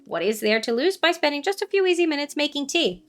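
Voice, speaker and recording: A woman voicing a gentle, formal giant male tea-shop keeper in a game, with stiffly polite phrasing. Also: high voice, very animated, quick pace, faint music behind, voice pushed up. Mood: gently coaxing.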